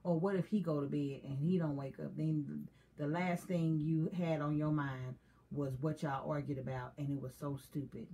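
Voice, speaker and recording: A woman with a slightly low voice co-hosts a relaxed chat. She speaks candidly and confessionally, and laughter keeps breaking through her talk. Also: normal speed. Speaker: co-host. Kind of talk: casual chat.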